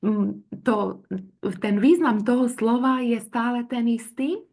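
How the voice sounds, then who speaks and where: Slow, hesitant woman interpreter. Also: on the high side, darkish tone. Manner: hesitant, searching for words. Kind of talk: consecutive interpreting.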